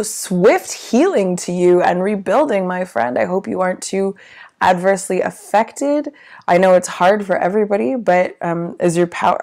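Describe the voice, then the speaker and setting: A woman hosting a casual livestream from a small hotel room, with a low gravelly voice and a theatrical, chatty manner that slips into swearing. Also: darkish tone. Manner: theatrical, grand greetings, then chatty with swearing. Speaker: livestream host.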